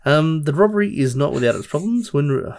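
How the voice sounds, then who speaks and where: A man's voice: on the high side, lively intonation, a little fast, gravelly, darkish tone, clear, resonant tone. A man co-hosting a podcast, recapping a film in rambling casual chat full of fillers and restarts. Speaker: podcast co-host.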